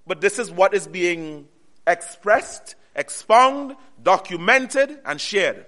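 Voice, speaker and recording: A male preacher with a high, bright voice delivers an earnest sermon. He repeats his key phrases and uses call-and-response, stopping on "what?" so the congregation can complete the verse. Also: lively intonation. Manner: call-and-response, pausing on "what?" for the audience to finish.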